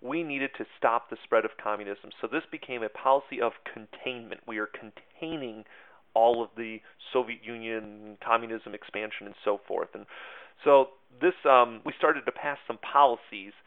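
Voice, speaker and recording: A man's voice: mid-range voice, moderate pace. Male teacher, casual lecture style with filler words and wry asides; thin, phone-like recording. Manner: chatty, self-mocking asides, many fillers. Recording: tinny phone-like sound.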